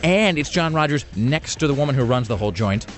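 A man's voice: medium pitch, animated, fairly quick, faint music behind. A man, a radio show host, telling a long self-mocking story in casual chat, rambling with comic asides.

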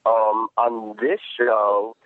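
A male actor answering interview questions, talking haltingly with many restarts. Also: fairly low pitch, level tone, dry recording. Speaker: actor guest. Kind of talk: interview over the phone. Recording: tinny phone line.

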